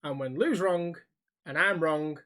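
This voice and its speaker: A man's voice: fairly high pitch, measured pace, bright, forceful tone. A man with a thick Scouse accent chats on a podcast. He swears freely and retells conversations by acting them out line by line. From Liverpool, England. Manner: swearing, storytelling, acting out dialogue. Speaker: podcast co-host. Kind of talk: casual chat.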